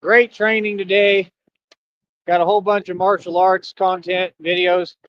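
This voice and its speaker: A man's voice: high-pitched, flat delivery, a little slow, highs cut off, a little hiss or hum. A man hosting a casual livestream, laid-back and teasing, repeating his phrases and laughing often. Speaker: livestream host.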